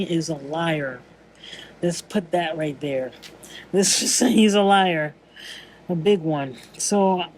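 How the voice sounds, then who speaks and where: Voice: mid-range voice, a little mellow, slight background noise, poor audio. Rambling, earnest spiritual vlogger. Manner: rambling, searching for words, frequent restarts; earnest and musing. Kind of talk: casual spiritual monologue.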